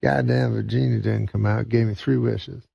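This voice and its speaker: A man's voice: mid-range voice, steady tone, normal speed, creaky, dark tone, husky, dry recording, muffled recording. A man voicing a boastful bar patron bragging in a folksy drawl. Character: boastful male bar patron with genie wishes.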